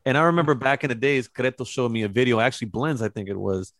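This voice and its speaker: A man's voice: medium pitch, quick pace, no room sound, clean studio sound. Laid-back man hosting a podcast. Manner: relaxed, slangy, rambling storyteller. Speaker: podcast host. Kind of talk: casual chat.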